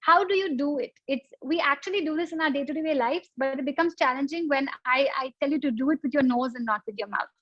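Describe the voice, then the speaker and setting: A yoga instructor with a high, light, fairly bright voice guides a breathing lesson, explaining patiently with simple analogies. She talks fast with few pauses. Captured dry and close with no room sound, the online session has a slightly dull, lo-fi quality.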